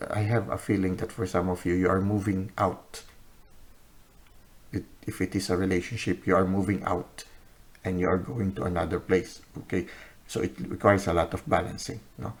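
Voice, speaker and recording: A man giving an unscripted tarot reading to camera, unhurried, pausing on "uh" and often ending points with "no?" or "okay?". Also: low-pitched. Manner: unhurried, many "uh" pauses, often ends with "no?" or "okay?". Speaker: tarot reader.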